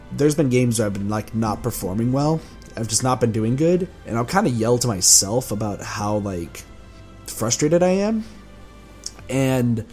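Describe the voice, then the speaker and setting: Gaming YouTuber, male, hoarse sore throat, casual rambling update, faint music underneath. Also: mid-range voice, darkish tone. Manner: rambling, self-correcting, chuckling. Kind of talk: casual channel update vlog.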